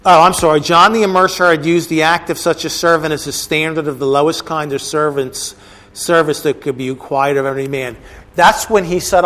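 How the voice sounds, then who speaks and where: A man's voice: fairly high pitch, fairly even intonation, fairly quick, fairly bright tone. A man teaching a bible class, explaining a passage with casual asides to the listeners. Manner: conversational, asides to the audience.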